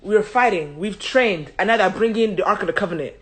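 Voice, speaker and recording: A woman's voice: medium pitch, brisk, a bit bright, close to an everyday voice. A woman playing flustered ancient soldiers. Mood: indignant. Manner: flustered, stammering. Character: panicked male ancient soldiers, rattled and jumpy.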